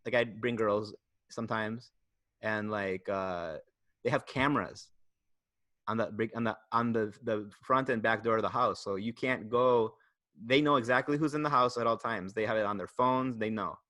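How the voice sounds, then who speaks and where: A man's voice: fairly low pitch, moderate pace, fairly bright tone, no echo. Comedian guy rambling through a story on a podcast, dead dry sound. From Houston, Texas. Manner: rambling, self-interrupting, loose. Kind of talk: casual storytelling chat.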